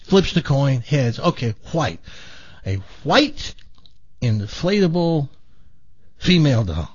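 A man's voice: medium pitch, takes it slowly, slightly rough. A man hosting a radio talk show, telling jokes and voicing the characters in them. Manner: animated joke-telling, voicing characters in quotes. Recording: dull lo-fi radio broadcast.

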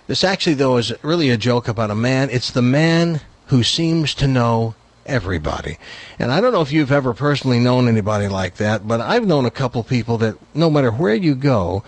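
A man telling a long joke in a casual, animated way, briefly voicing the characters in it. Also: medium pitch. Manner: animated, voices the characters in his jokes; lively, quick-paced delivery. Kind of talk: joke storytelling.

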